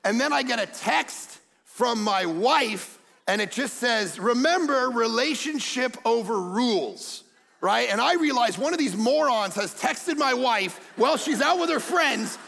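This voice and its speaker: High, gravelly pastor man preaching. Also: unhurried, in a large hall. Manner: animated storytelling, acts out quotes, shouts for emphasis. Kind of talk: sermon.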